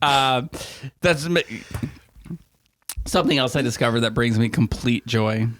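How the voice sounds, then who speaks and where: A man's voice: medium pitch, measured pace, fairly bright tone, slight background noise. A man co-hosting a podcast in casual chat, rambling with many fillers and laughing often. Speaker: podcast co-host.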